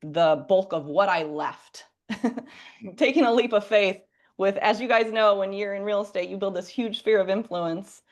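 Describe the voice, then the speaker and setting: A woman's voice: mid-range voice, unhurried. A woman in her thirties talking casually about her work as a real estate agent, chatty and full of ums. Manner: chatty, lots of ums and likes. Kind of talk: casual chat.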